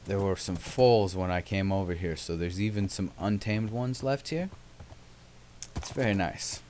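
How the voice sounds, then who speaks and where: A man's voice: low voice, measured pace, darkish tone, a little hiss or hum. A young man casually narrating his gameplay, rambling with sarcastic, self-mocking asides. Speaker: let's play host.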